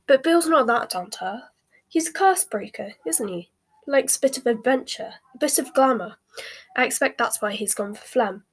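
Woman reading sly teenage witch girl, scornful, fairly high, breathy, storybook. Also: lively intonation, moderate pace.

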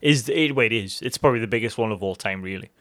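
A man co-hosting a podcast in casual chat, animated, swearing freely and acting out excited reactions. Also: fairly low pitch, racing, slight background noise. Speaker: podcast co-host.

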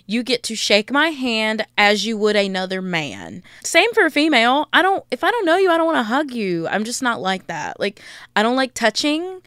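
A young woman hosting a podcast, telling a story in a blunt, profane, animated rant. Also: fairly high pitch, no room sound, clean studio sound. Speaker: podcast host.

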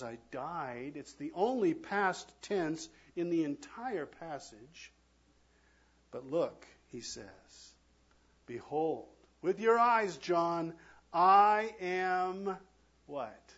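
A man preaching a sermon as pastor, swinging from loud, emphatic lines to hushed, near-whispered ones. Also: on the high side, slightly rough, lo-fi sound.

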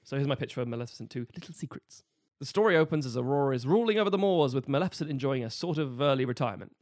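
Man, fast, jokey podcast co-host, dry close sound. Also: mid-range voice, lively intonation, a little mellow, no room sound. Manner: fast, jokey, slips into silly voices for characters. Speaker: podcast co-host pitching a sequel. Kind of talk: casual chat, swearing and joking.

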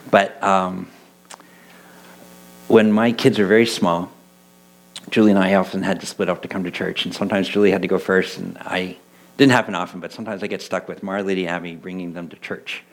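A middle-aged man and church elder preaching a conversational sermon, telling stories with lively quoted voices. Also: sits low, fairly quick, low-quality recording. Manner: animated storytelling, voicing quoted people. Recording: mains hum in the background.

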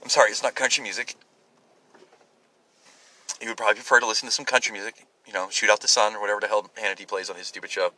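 A middle-aged man with an American accent rambles bluntly into a phone while sitting in a parked car. His voice sits fairly low but rings bright and forceful. He stumbles, restarts and pads his talk with fillers. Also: flat delivery, rapid-fire, long pauses. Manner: blunt, self-deprecating, many fillers and restarts. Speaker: podcast host. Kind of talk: casual rambling monologue.

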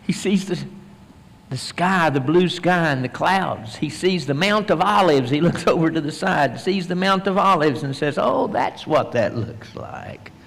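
A man's voice: on the high side, normal speed, gravelly, fairly bright tone. A male pastor preaching a sermon and leading a prayer. He retells a story vividly and acts out the voices of the people in it. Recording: long reverb, large hall.

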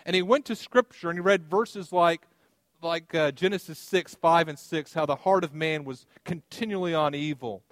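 A man preaches a sermon to his congregation, telling everyday stories with gentle humor. His voice sits somewhat high for a man and sounds close and dry, with little room echo. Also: moderate pace. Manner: conversational preaching with personal anecdotes and light humor. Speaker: pastor.

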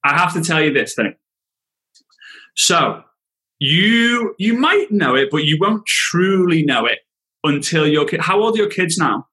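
A man's voice: on the high side, expressive, unhurried, sharp tone, low-quality recording. A man as a podcast guest, speaking in an earnest, heartfelt, emphatic way. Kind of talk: casual interview chat.

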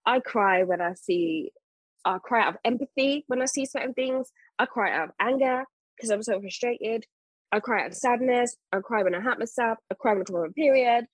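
Earnest, husky-voiced mother. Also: a little high, fairly quick, dry recording, poor audio. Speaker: guest, mother. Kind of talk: casual podcast conversation.

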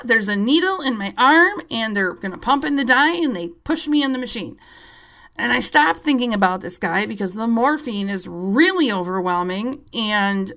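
A woman podcast host telling a story in a casual, animated and profane way, with wry asides. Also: on the high side.

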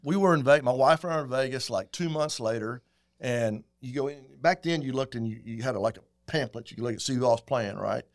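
Man, middle-aged, folksy, animated, interview guest. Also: mid-range voice, a little fast. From Texas. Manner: folksy, animated, acts out quotes. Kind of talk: casual storytelling.

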